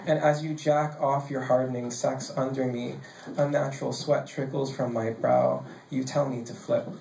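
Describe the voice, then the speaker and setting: A man reading his own poems live on a stage mic, casual and joking between pieces and measured while reading. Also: medium pitch, little pitch movement, gravelly, mellow, slight background noise. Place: basement bar venue, live. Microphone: handheld stage mic. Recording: echoey basement room.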